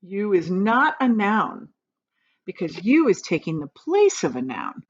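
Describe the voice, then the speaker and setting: A woman's voice: medium pitch, big pitch swings, measured pace, a little hiss or hum. A woman teacher walks young students through a grammar lesson on video, patient and encouraging. Her voice rises and falls a lot as she leads them along. The sound is a little dull and lo-fi.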